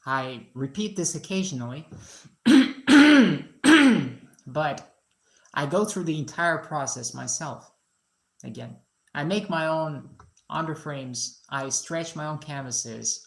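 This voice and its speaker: Broadcasting casually from her garage, this Muscovite musician and painter talks and jokes with her viewers in accent-free Russian speech. She speaks slowly in a low-pitched voice with vocal fry, pausing often.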